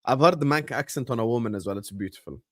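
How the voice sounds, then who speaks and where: A young man hosting a live football watchalong, chatting casually with his viewers and shouting at big moments of the match. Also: mid-range voice, fast talker. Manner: animated, bursts into loud shouts at match moments, banters with chat. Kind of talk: casual live-stream chat and match commentary.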